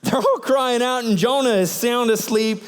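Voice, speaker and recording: A man preaching a sermon, telling the story in an animated way and acting out the sailors' lines. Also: extremely high pitch, moderate pace, clean tone, big-room sound. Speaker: pastor.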